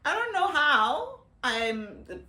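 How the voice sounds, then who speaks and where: South African woman, 30s, unhurried and playful to-camera vlog talk, phone in an echoey room. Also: high voice, very animated, sharp tone. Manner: chatty and playful, laughing often. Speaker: vlogger. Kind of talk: casual chat to camera.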